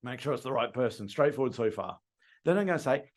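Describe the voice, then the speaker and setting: A middle-aged Australian man with a mid-range voice talks at a quick pace while training car salespeople. He's animated, role-playing phone calls to customers and acting out their lines in quotes.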